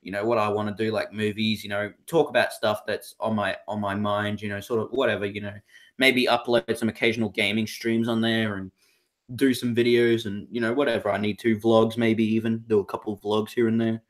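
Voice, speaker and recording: A man's voice: lowish voice, level tone, brisk. A young Australian man co-hosting a casual podcast chat, rambling with many fillers and restarts. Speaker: podcast co-host.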